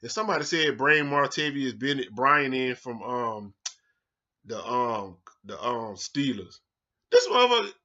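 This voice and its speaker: A man hosting a sports show in a casual rant, heated and profane, swinging from low mutters to loud outbursts. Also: lo-fi sound.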